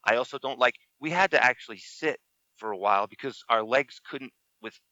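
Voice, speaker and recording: Middle-aged guy on a podcast, wry and self-mocking, bright tone, kinda dull lo-fi sound. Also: mid-range voice, fairly quick, dry recording. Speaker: podcast co-host. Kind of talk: casual chat.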